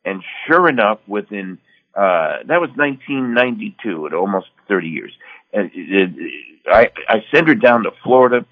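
An older man with a fairly low voice, heard on a tinny, phone-like radio line. He is from the US Northeast and tells folksy stories on the air. He chats casually and acts out the dialogue he quotes. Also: expressive, normal speed. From Connecticut, US Northeast. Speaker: radio show co-host. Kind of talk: casual radio chat, storytelling.

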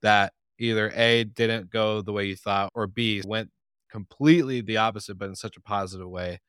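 A man's voice: fairly low pitch, steady tone, normal speed, fairly bright tone, smooth, no echo, studio quality. A young man hosting a podcast, asking long, loose, friendly questions. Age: young adult. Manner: friendly, rambling questions with fillers. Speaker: podcast host. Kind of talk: casual podcast interview.

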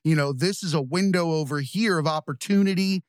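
A man's voice: a little high, a little fast, clean tone, no room sound, clean studio sound. A man hosting a podcast interview, summing up his guest's points in a thoughtful, reflective way. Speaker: podcast host.

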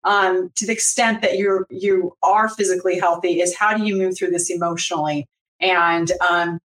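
A woman's voice: lowish voice, fairly even intonation, normal speed, a bit bright. Upbeat woman guest, a bit distant from the mic. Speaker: guest, business advisor. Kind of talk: casual live interview.

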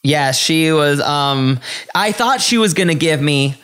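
A man's voice: fairly high pitch, lively intonation, measured pace, a bit bright, clean tone. A man hosting a podcast in a casual chat, playful, giggly and camp. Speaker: podcast host.

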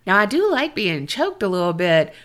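A woman podcast co-host reading a listener's paranormal story aloud and chatting, expressive and jokey. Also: mid-range voice, normal speed.

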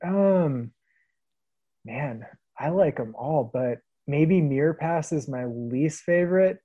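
A man around thirty from the Pacific Northwest, telling stories in a relaxed podcast interview and laughing often. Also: fairly high pitch, takes it slowly, slightly rough, dry recording, muffled recording. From Vancouver, Washington. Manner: easygoing storyteller, laughs often. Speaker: guest, long-distance hiker.

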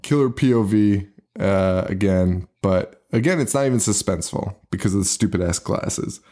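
A podcast co-host with a fairly low voice and moderate pace chats casually, laughing often and swearing as he animatedly retells scenes.

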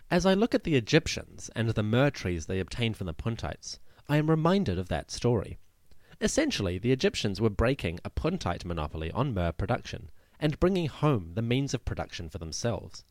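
Male history podcast host: low voice, animated delivery, dry close sound, wry asides. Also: no echo. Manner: lively storytelling with wry asides. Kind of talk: scripted history narration.

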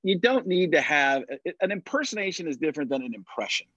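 A man chatting casually on a podcast, telling animated stories and slipping into quick impressions. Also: fairly high pitch, slightly rough, no room sound, highs cut off. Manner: animated storyteller, drops into impressions. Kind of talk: casual chat.

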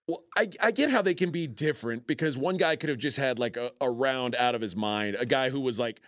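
A man's voice: medium pitch, brisk, fairly bright tone, no room sound, clean studio sound. A man co-hosting a sports betting show, running through scores and odds in casual chat with frequent filler words.

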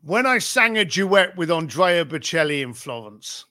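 Recorded close and dry with no echo, this middle-aged podcast guest has a sharp, high, bright voice and a measured pace. He recounts business stories with animated emphasis, chaining rhetorical questions and cursing offhandedly.

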